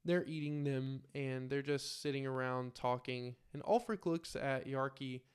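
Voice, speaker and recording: A man narrating his own solo tabletop game and talking to viewers in a relaxed, filler-filled way. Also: mid-range voice, a little slow, smooth. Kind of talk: casual solo role-play narration.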